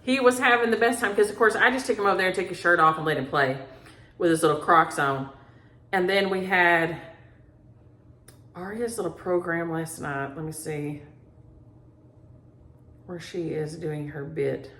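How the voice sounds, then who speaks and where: A woman's voice: lowish voice, moderate pace, pauses often, sharp tone, slight background noise. A middle-aged woman hosting a cross-stitch vlog, chatting at home in a folksy, storytelling way and calling viewers "y'all". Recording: roomy home recording.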